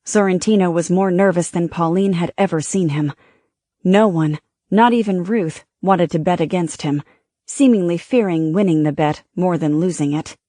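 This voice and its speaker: Low-voiced woman narrating an audiobook. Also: normal speed, warm tone, no echo, clean studio sound.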